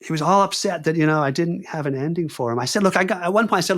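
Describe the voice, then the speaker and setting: A podcast guest with a fairly high voice tells a story very fast with few pauses. He is animated, acts out the people he quotes, and talks casually, saying "dude" and "man" a lot.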